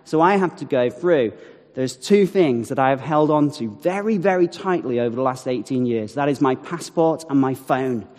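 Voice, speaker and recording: A man telling a personal faith story to an audience, animated, with acted-out quotes and wry asides. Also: mid-range voice, normal speed. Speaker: speaker telling a testimony. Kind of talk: storytelling talk. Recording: long hall reverb.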